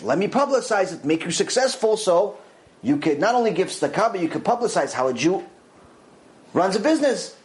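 A man giving a lively religious lecture as a Torah teacher, repeating phrases for emphasis and acting out quotes. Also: high-pitched, rough recording.

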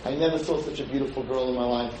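Man, lecture, dramatic storytelling, chanted lines, booming echo, distant mic. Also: fairly even intonation, fast, background noise. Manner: retells the story with quoted speech and chants some lines. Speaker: lecturer teaching liturgy. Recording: very echoey room, distant mic, dull lo-fi sound.

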